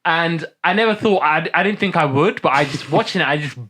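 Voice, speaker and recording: A man hosting a podcast in casual chat, animated and laughing often as he retells cartoon scenes. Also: on the high side, fairly quick. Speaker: podcast host.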